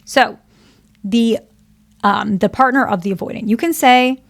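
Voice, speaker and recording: A woman's voice: fairly high pitch, a little slow, vocal fry. A woman therapist giving relationship advice, explaining patiently and checking in often with "okay?" and "right?". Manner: explains patiently with example dialogues. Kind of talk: advice monologue to camera.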